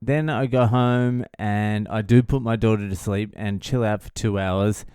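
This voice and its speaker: A man's voice: on the low side, steady tone, a little slow, warm tone, smooth, no room sound, studio quality. A man in his thirties telling a story in a casual, profane and exasperated way. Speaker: vlogger.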